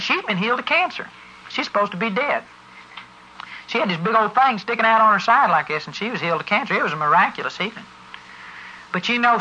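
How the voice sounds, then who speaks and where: A preacher delivers a forceful sermon, pressing each point and spelling words out letter by letter. The voice is bright and sharp-edged. The church recording sounds dull and lo-fi. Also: mid-range voice. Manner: emphatic, spells words out for stress. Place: church service before a congregation.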